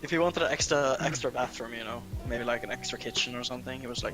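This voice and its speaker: Man on a call, mid pitch, joking and offhand, music under the talk. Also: fast. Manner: joking, offhand, swears casually. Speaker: stream guest. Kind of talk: casual chat on a voice call.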